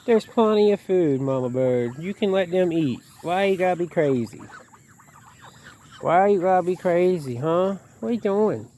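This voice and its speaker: A man voicing a high, teasing daddy goose. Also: animated, measured pace, warm tone. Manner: teasing, sing-song questions. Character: male goose scolding his mate.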